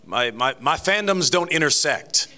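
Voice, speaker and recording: A man answering interview questions as a guest voice actor on a convention panel, chatty and animated, with laughs and restarts. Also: a little high, measured pace.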